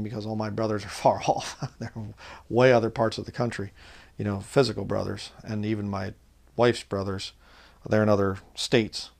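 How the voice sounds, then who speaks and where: A man preaching informally online, reading scripture slowly and loudly, then talking casually with fillers. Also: on the low side, gravelly. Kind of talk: informal Bible teaching.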